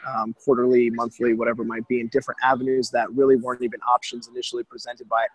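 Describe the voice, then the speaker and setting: A man on a group call with a hoarse voice, rambling casually as he shares how he runs his team. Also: medium pitch, flat delivery, quick pace, dull audio. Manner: rambling, thinking aloud with fillers. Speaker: caller.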